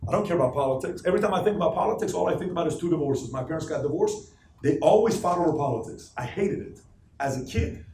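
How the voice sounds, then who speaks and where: A fast-talking man with a fairly high voice gives a live motivational talk to an office team in a meeting space, telling emphatic, animated stories and putting questions to the room. The recording is echoey and captured from a distance, with a slight hiss or hum.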